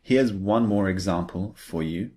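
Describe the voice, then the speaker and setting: A man's voice: low-pitched, measured pace, mellow. A man teaching an English lesson, patiently explaining phrases and repeating example sentences with emphasis.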